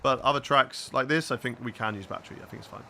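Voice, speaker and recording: A man's voice: mid-range voice, quick pace, bright, forceful tone, a little hiss or hum. A young man streaming a racing game live, chatting to his viewers as he drives, with faint game engine sounds behind him. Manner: chatty, talks to chat while racing. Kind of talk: live gameplay commentary.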